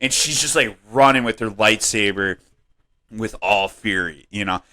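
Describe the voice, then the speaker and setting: A man co-hosting a comedy podcast, rambling and swearing in casual chat, laughing often and jumping up in pitch when worked up. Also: a little slow. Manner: animated, voice jumps up when worked up. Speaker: podcast co-host.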